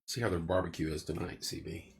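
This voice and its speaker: A man's voice: low voice, fairly even intonation, brisk, gravelly. A man hosting a casual livestream, chatting loosely and greeting viewers by name while he eats. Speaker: livestream host. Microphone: clip-on mic.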